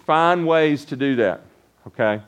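A man's voice: fairly high pitch, lively intonation, measured pace, clean tone. A middle-aged man preaching a sermon as pastor, talking in a loose conversational way with restarts and frequent tag questions.

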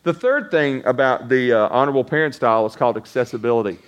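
A middle-aged man preaches from the pulpit in a loose, chatty way. He circles back on his phrases, restarts often, and checks in with the congregation with frequent tag questions. His voice sits at an ordinary male pitch. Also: fast. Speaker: pastor. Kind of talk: sermon.

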